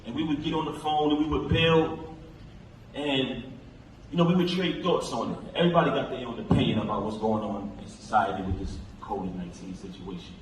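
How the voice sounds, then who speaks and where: A man delivers a passionate, emphatic memorial speech from a stage. His voice carries through a very reverberant theater and sounds distant from the microphone, with a faint hiss underneath. His pitch sits in an ordinary middle range. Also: brisk. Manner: impassioned, emphatic, recounts conversations with his late friend. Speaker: eulogy speaker. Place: large theater hall. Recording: echoey hall, distant pickup, faint noise.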